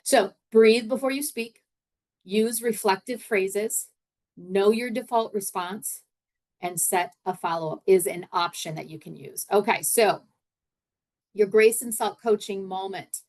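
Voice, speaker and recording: A woman's voice: mid-range voice, unhurried, darkish tone. A middle-aged woman hosting a leadership podcast, coaching in a casual, conversational way and often repeating her words. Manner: conversational, repeats words, acts out example phrases.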